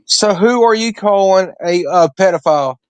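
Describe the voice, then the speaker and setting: A man calling in to a livestream, halting and filling pauses with "uh" and "what's it called". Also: sits high, clean tone, no echo. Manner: hesitant, full of fillers. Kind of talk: casual call-in chat.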